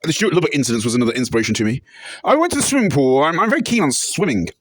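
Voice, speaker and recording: A man telling rambling, deadpan, absurd comic anecdotes and breaking into shouted catchphrases. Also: a little high, very fast, slight background noise. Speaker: comedic interviewee. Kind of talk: deadpan absurd comedy monologue.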